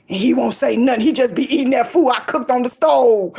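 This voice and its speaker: High-voiced woman preaching encouragement. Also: a little fast, few pauses. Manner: lively and emphatic, laughs often, swoops up and down in pitch. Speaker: faith vlogger.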